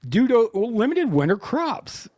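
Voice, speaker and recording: Deadpan podcast man with lively pitch. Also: measured pace. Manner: deadpan mock-serious recipe explaining. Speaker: podcast co-host. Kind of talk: comedic podcast banter.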